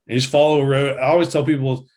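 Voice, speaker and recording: A man guesting on a casual interview, relaxed and rambling, with lots of "like" and restarts. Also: medium pitch, fast talker.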